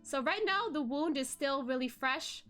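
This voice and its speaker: A young woman with a high voice chats casually to her stream viewers, swinging up into animated, emotional peaks. She talks freely with fillers and little laughs. Soft background music plays faintly behind her. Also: normal speed. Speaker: VTuber host. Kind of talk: casual chat to viewers, venting about a drama.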